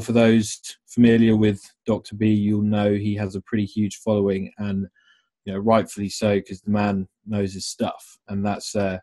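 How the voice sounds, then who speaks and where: A man's voice: fairly low pitch, mellow. A young British man hosting a podcast, introducing his guest in a rambling way full of fillers. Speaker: podcast host. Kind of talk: casual podcast interview.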